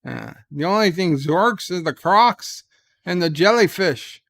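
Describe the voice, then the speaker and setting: A man's voice: high-pitched, animated, unhurried, creaky, a bit bright, full character voice. A man putting on a rambling mock-Australian yarn-spinner. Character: rambling tall-tale-telling outback Australian man.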